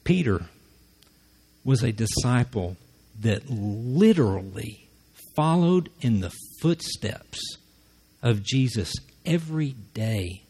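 A man's voice: mid-range voice, big pitch swings, slow, dark tone, slight background noise. A man preaching a conversational sermon who acts out the lines he quotes.

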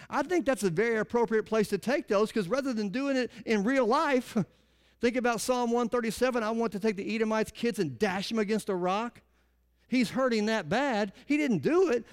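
High-voiced man preaching a sermon. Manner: conversational preaching, asks the congregation questions. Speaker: pastor. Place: church congregation.

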